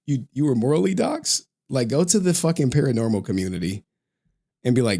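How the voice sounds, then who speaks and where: A man's voice: mid-range voice, big pitch swings, measured pace, creaky, pauses often, warm tone. A male streamer in a casual, profane rant to his viewers, slangy and often laughing.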